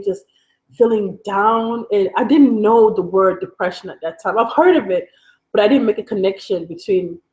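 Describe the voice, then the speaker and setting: A woman's voice: mid-range voice, darkish tone, rough recording. Candid young woman from Africa. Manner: candid, conversational, wandering and self-aware. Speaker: vlogger. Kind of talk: candid personal storytelling.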